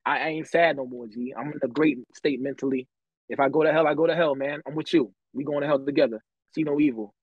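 A man tells stories from his life on a podcast in a loose, slangy, profane way, often laughing. His voice is husky and mid-pitched. The sound is dry and a little dull. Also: fairly even intonation, fast talker, dry recording. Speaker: podcast guest telling his story. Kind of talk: casual chat, storytelling.

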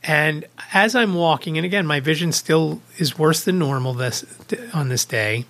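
A man's voice: on the high side, moderate pace, fairly bright tone. A man hosting a podcast, casually retelling a personal anecdote with small restarts. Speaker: podcast host. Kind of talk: casual storytelling vlog.

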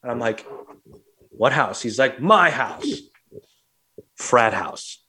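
A man from St. Louis hosts a casual podcast chat at a medium pitch. He tells a rowdy story with lively energy and acts out the other people's lines. He curses freely as he goes. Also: takes it slowly, slightly rough. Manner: animated, swears freely, acts out quotes. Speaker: podcast host.

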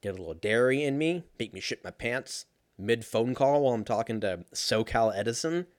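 Young man, casual storytelling rant, sarcastic, profane, animated, dry close recording. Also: medium pitch, moderate pace, no room sound.

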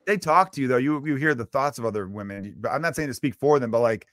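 A man's voice: mid-range voice, quick pace, a crowd in the background. Crude, joking man hosting a podcast. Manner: crude, joking banter with mock voices. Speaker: podcast host. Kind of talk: casual podcast chat.

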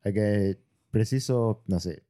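A man's voice: fairly low pitch, unhurried, warm tone. A man, chatting on a casual podcast in a rambling way, restarting his sentences and swearing freely.

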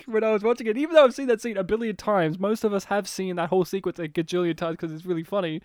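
Fast-talking, high-voiced man. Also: no echo, clean studio sound. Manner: animated, fast-talking, laughs often, swears casually. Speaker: podcast co-host discussing a film. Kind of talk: casual chat.

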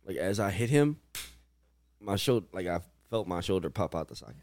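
Deep-ish young dude cussing thru fight stories, dead dry mic. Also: male voice, expressive, brisk, a little mellow, no room sound. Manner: blunt, profane, tells fight stories. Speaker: podcast co-host. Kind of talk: casual chat.

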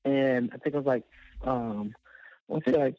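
A man's voice: mid-range voice, a little fast, dry recording. A man telling a long, rambling personal story as a guest, full of fillers and laughing at himself. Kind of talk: casual storytelling. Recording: dull lo-fi dry sound.

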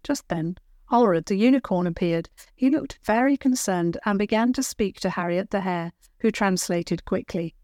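A woman narrating a children's storybook in a gentle, clear read-aloud manner. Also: mid-range voice, normal speed, no echo, clean studio sound.

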